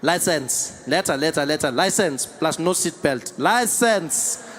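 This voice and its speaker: A man's voice: on the high side, animated, measured pace, a bit bright. A comedian playing a blunt male traffic cop who rattles off demands in a clipped, matter-of-fact way. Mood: brusque.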